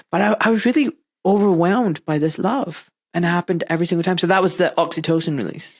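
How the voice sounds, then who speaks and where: A man's voice: sits high, brisk, no echo, clean studio sound. A man, a father, hosting a casual interview and telling candid, self-mocking stories. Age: adult father. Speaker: podcast host.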